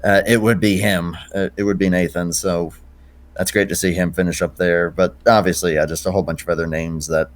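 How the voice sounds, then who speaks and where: Low voiced guy guest commentating a race stream, sincere and kinda halting, affectionate. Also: flat delivery. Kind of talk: casual commentary chat.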